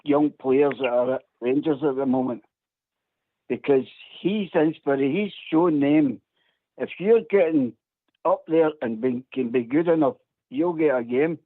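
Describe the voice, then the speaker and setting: A man's voice: medium pitch, unhurried, no echo. A man calling in to a radio phone-in, chatting casually and laughing often between phrases. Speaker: phone-in caller. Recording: tinny phone line, dry.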